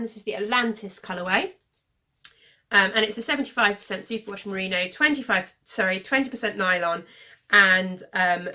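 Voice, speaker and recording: A woman in her thirties from the UK hosting a knitting podcast, rambling casually with lots of fillers and self-corrections, a little hoarse as she is losing her voice. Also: medium pitch, bright, forceful tone. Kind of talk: casual show-and-tell chat.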